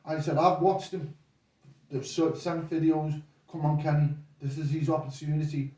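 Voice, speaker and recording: In an echoey room, far from the mic and off-mic, an older boxing coach guest chats casually at normal speed in a fairly high voice. His stories ramble, told with animated flair as he voices the people in them.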